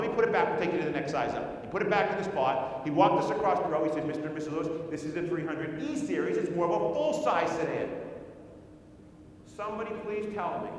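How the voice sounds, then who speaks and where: A man with a high voice talks to a conference audience about sales, heard from far off in a large hall. His words ring with a long, heavy echo and faint room noise. He tells a story, acts out the people in it, and keeps throwing questions at the crowd. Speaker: conference speaker. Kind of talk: sales training talk told as a story. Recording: echoey hall, speaker far from mic.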